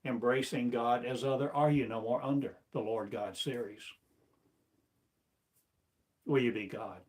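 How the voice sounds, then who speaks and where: Slow, declaiming male spiritual teacher. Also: mid-range voice, darkish tone. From United States. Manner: slow, declamatory, full of rhetorical questions. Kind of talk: sermon.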